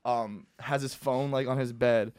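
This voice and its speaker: A man hosting a podcast, telling crude stories in a rambling, animated casual chat. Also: mid-range voice, a little slow, dry recording. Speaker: podcast host.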